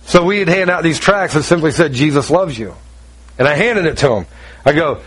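A middle-aged man preaching a sermon, telling a personal story and acting out the dialogue with lively shifts in delivery. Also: fairly high pitch, fairly quick, breathy edge. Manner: animated storytelling, acts out dialogue.

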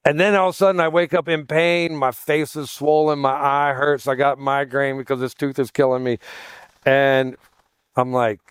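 Self-mocking pastor man with a smooth voice. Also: medium pitch, moderate pace, no room sound, clean studio sound. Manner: self-deprecating, conversational, anecdotal; animated voicing of quoted people. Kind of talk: humorous sermon storytelling.

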